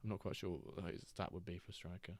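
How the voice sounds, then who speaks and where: A man's voice: low voice, steady tone, fast, a little mellow, no echo. A man hosting a live stream, chatting casually and joking as he reacts to chat and the games.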